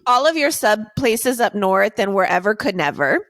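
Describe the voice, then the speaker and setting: A woman's voice: mid-range voice, very animated, normal speed, a bit bright, no echo, clean studio sound. A young woman from Florida co-hosting a podcast, chatting casually in a gushing, playful way. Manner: gushing, playful, reacts eagerly. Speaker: podcast co-host. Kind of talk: casual chat.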